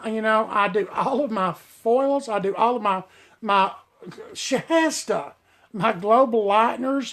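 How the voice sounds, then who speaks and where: A middle-aged man who works as a hairstylist, chatting casually and folksily with viewers on a live stream and calling them y'all. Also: fairly bright tone. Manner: breaks off to coax his dog in a high sing-song. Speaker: hairstylist hosting a live show.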